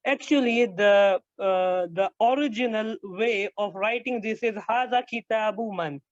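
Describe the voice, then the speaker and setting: A man's voice: sits high, no echo. Man teaching grammar, hesitant, dry lo-fi. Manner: slow, repetitive explaining with frequent hesitations. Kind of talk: online grammar lecture. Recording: dull lo-fi dry sound.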